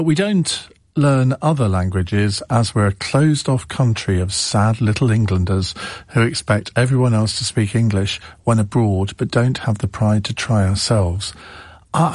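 A man with a lowish voice hosts a radio phone-in, talking in an easygoing way. He trips over his openings, repeating words and filling pauses as he thinks aloud. His studio mic sounds dry and close, with no room around it. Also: a little mellow, slightly rough, no room sound. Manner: hesitant, many restarts and fillers. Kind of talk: casual radio phone-in chat. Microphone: studio microphone.

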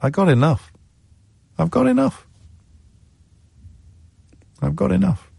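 A man voicing a calm, wise female therapist who talks in a plain, steady way. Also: sits high, slow, gravelly, husky, dry recording, pitched above the performer's own voice, exaggerated voice. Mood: serene.

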